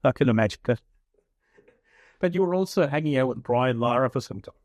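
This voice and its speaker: A man hosting a podcast interview, asking brisk, upbeat questions. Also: mid-range voice, animated, darkish tone. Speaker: podcast host.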